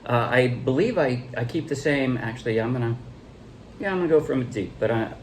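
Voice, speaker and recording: Slight background noise accompanies a man with a mid-range voice giving a casual ukulele lesson. Relaxed and a bit halting, he restarts often while counting beats, calling out strums and showing how the chords change.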